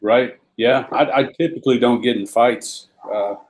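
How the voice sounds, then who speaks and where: A man, a guest on a live show, chatting in a relaxed, easygoing way. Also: mid-range voice, moderate pace, low-quality recording. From South Texas. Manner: laid-back, laughs often. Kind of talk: casual live-stream chat.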